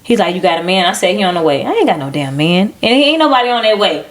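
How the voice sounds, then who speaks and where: A woman co-hosting a podcast, telling stories in a lively casual way and acting out what people said. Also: medium pitch, quick pace. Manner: animated storytelling, acting out quoted people. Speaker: podcast co-host. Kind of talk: casual chat.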